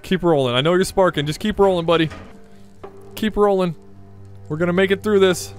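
Young man, let's play commentary, slightly high voice, chatty, coaxing, faint game music behind. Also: fairly quick. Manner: chatty, coaxes his vehicle along, yelps when things go wrong. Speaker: gameplay commentator.

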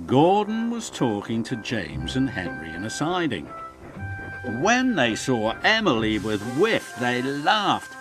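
A man with a British accent narrating a children's storybook in an animated read-aloud manner. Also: medium pitch, slow. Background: background music.

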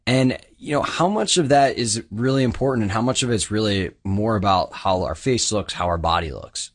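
A man's voice: on the low side, normal speed. Eager man asking rambling questions. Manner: enthusiastic, rambling questions with fillers. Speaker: podcast host. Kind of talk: podcast interview.

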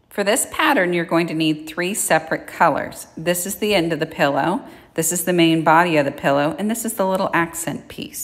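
Casual woman sewing teacher, low voice, step-by-step, echoey kitchen. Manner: chatty, plain-spoken step-by-step explaining. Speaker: sewing instructor. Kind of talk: casual how-to tutorial. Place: home kitchen.

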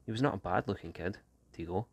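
A man, an English teacher, reading a short story aloud in a steady, unhurried way. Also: low-pitched, creaky, breathy edge.

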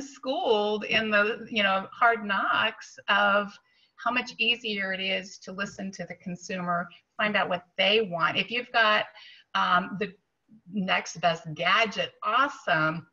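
Woman guest, chatty and informal, gravelly husky voice, dull lo-fi sound. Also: mid-range voice, measured pace, sharp tone. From United States. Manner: chatty, with frequent restarts and fillers. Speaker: guest, Amazon seller trainer. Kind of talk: casual conversation.

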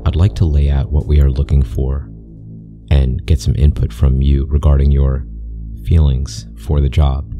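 A man voicing a mysterious male interviewer speaking through a speaker, calm, polite and cold, with an accent that is neither British nor American. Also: a bass voice, measured pace, dull audio, music in the background. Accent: unplaceable accent, neither British nor American.

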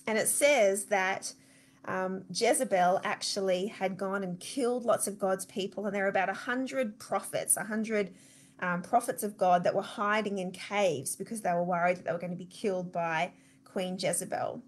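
An Australian woman gives a weekly church devotional and retells a Bible story as a chatty, lively storyteller. She talks straight to her listeners at a mid pitch. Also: normal speed. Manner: lively storyteller, conversational, addresses listeners directly.

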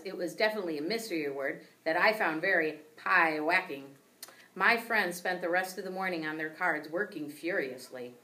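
A woman teacher reading a children's book aloud with expressive storytelling. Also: lowish voice, distant mic.

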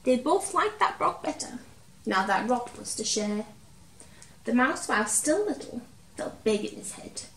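A woman reading a picture book aloud to children, expressive, dramatic and gentle. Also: on the high side, measured pace, slight background noise. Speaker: children's storyteller. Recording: roomy, distant from mic, faint ambience.

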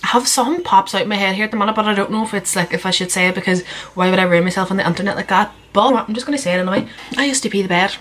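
A woman's voice: medium pitch, very fast, fairly bright tone. A young woman, answering viewer questions in a casual vlog, chatty and candid, laughing at herself and rambling with lots of "like"s. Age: young adult. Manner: chatty, candid and self-mocking, rambling with many "like"s. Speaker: YouTuber.

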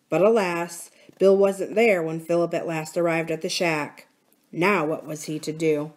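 A woman from a library reading a children's adventure book aloud in a clear, even storytelling voice. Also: sits low, measured pace.

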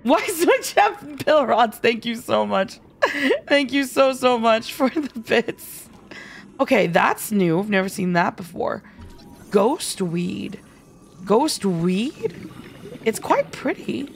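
A woman's voice: fairly high pitch, big pitch swings, measured pace, gravelly, soft background music. A young woman streaming a game live, bubbly and giggly, with playful dramatic outbursts at her chat.

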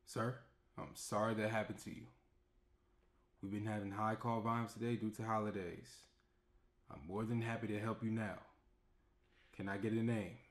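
An actor playing a polite male airline phone agent who speaks in a calm, scripted customer-service tone. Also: on the low side, moderate pace, long pauses, roomy sound, lightly acted. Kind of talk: comedy skit.

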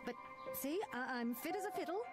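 A woman's voice: high-pitched, lively intonation, a little fast. A frail old cat lady. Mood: gentle. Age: older. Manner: soft-spoken, reassuring. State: ill, coughing. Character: frail elderly woman, gentle cat lover. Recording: game audio with music behind.

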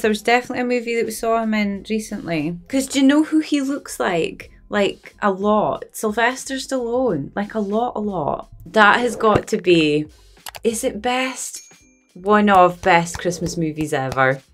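A woman in her thirties, hosting a movie reaction in a gushing, exclamatory way and thinking out loud. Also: mid-range voice, expressive, moderate pace, faint music behind. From Scotland.

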